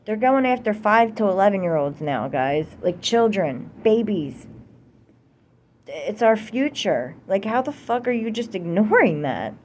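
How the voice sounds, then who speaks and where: A woman's voice: medium pitch, sing-song, unhurried, darkish tone, a little hiss or hum. A young American woman delivering a heated, profane political rant to camera, repeating herself for emphasis. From United States. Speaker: vlogger.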